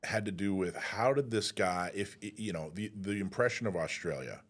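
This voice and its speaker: A man's voice: sits low, animated, moderate pace. A man hosting a talk radio interview, conversational, with restarts, building to pointed questions. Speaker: host.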